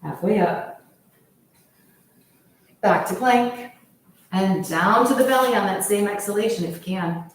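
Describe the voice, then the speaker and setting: Woman, yoga instructor, calm breath-paced cues, very roomy echo, distant from the mic. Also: medium pitch, unhurried, pauses often. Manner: calm, steady cueing of poses with the breath. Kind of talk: guided yoga class instruction. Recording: very echoey room, voice from far off.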